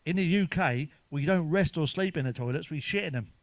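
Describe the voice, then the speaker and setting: A middle-aged man rattles off crude one-liners with plenty of swearing and chuckles at his own gags. His voice sits a touch high for a man and sounds dry and close, with no room around it. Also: a little fast, no room sound. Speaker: stand-up comedian. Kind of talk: stand-up jokes told to camera.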